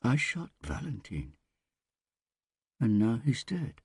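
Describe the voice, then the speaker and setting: A man voicing a shaken middle-aged man in shock who whispers in a flat, mechanical way. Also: medium pitch, slow, gravelly, breathy edge, no echo, studio quality, pitched above the performer's own voice, exaggerated voice. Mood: dazed.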